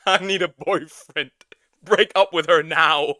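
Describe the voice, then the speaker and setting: A man streaming as a VTuber, reacting live with loud laughter and shocked exclamations. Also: fairly high pitch, fairly even intonation, measured pace, no room sound.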